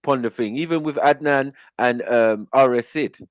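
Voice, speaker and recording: A man's voice: mid-range voice, moderate pace, dry recording. A man hosting a casual live online panel, slangy and joking, laughing often.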